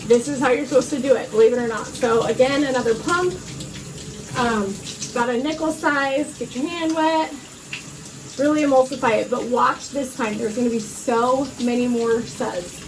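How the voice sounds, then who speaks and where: A hair care vlogger with a fairly high-pitched voice talks at normal speed from her bathroom shower, water running, giving a casual guide to washing hair. Chatty and instructive, she uses frequent fillers and is slightly out of breath. The recording is distant, with background noise.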